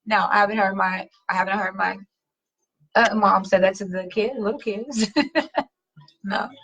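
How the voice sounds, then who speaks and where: Bright, animated woman chatting casually. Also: medium pitch, normal speed, low-quality recording. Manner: animated, slangy, swears casually, laughs often. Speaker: host. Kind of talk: casual chat reading viewer comments.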